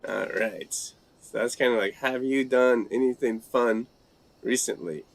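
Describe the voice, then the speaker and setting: A man hosting a casual live language-learning chat, reading out viewer comments and trying out phrases haltingly in several languages. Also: mid-range voice, steady tone, vocal fry.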